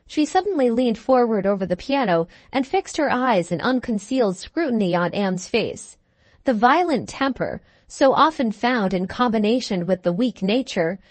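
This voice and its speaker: A woman narrating a classic novel with measured, even storytelling. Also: fairly high pitch, no room sound. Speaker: audiobook narrator. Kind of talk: scripted narration of a Victorian novel.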